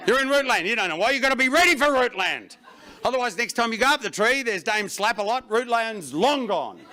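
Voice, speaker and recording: A middle-aged man performing a stand-up comedy routine on stage, breaking into loud shouted bursts. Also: very high-pitched, expressive, fairly quick. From Australia. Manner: swings into loud shouted bursts for acted panic. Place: stage before a laughing audience.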